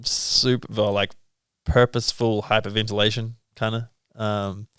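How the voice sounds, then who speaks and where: A man with a New Zealand accent, a podcast guest, telling stories in a relaxed way full of "like" and "bro". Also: on the low side, moderate pace, smooth, no room sound, clean studio sound. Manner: laid-back, filler-heavy, lots of "like" and "bro". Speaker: podcast guest, pro skier. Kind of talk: casual podcast storytelling.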